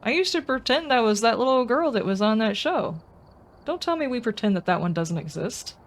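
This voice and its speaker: A woman's voice: fairly high pitch, animated, brisk. A woman streaming a game, chatting casually and rambling as she answers her viewers' comments. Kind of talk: casual live-stream chat.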